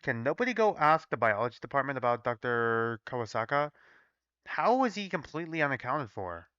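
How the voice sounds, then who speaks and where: A man reading the part of a gentle older lab supervisor, soft and steady, bright but dull-sounding dry recording. He speaks quietly and evenly, like someone looking after his staff. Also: mid-range voice, brisk, smooth, dry recording. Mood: concerned.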